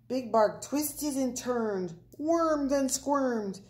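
A woman reading a children's picture book aloud, slow and playful with the words. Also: high voice. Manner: slow, expressive, playful wordplay. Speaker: storyteller.

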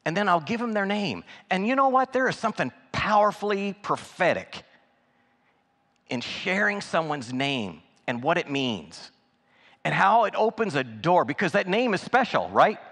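Folksy preacher in a reverberant church. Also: male voice, high-pitched, very animated, normal speed, a bit bright. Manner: folksy, anecdotal, conversational with many restarts. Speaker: guest preacher. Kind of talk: sermon storytelling. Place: church sanctuary.

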